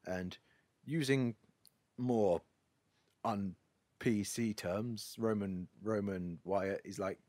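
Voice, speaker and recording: Podcast guy wryly recapping a movie plot, lowish voice, dry close sound. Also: drawn-out words, long pauses, darkish tone, dry recording. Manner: wry, storytelling. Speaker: podcast host. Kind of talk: casual film recap.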